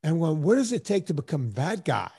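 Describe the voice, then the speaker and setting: A man's voice: on the high side, sing-song, fairly quick, vocal fry, dark tone, husky. A man in his fifties hosting a podcast, telling stories in a rambling, casual way and acting out the voices of people he quotes. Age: 50s. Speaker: podcast host. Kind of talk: casual storytelling chat.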